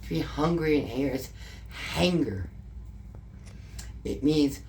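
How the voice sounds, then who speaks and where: A woman's voice: low voice, a little slow, pauses often, dark tone, a little hiss or hum. Profane, emotional Canadian woman telling a story. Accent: Canadian English. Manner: emotional, profane, repeats herself. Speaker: interviewee. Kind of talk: casual storytelling.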